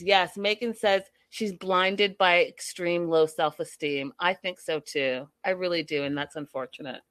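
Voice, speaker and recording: A woman's voice: lowish voice, fairly even intonation, measured pace, few pauses, fairly bright tone, dry recording. A woman commenting on a reality show in a sassy, exasperated way, repeating herself for emphasis while reading viewer chat.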